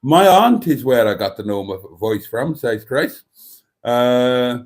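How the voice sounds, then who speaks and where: A man hosts a casual livestream, chatting and joking as he reads out viewer comments. His voice sits at an ordinary middle pitch. It swings up and down with lively, animated movement. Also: takes it slowly. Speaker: livestream host.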